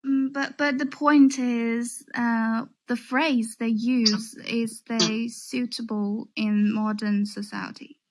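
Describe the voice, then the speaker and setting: A woman's voice: on the high side, flat delivery, slow pace, few pauses, background noise. A woman from China calling into a livestream, speaking hesitantly and repeating words as she asks a question. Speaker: caller.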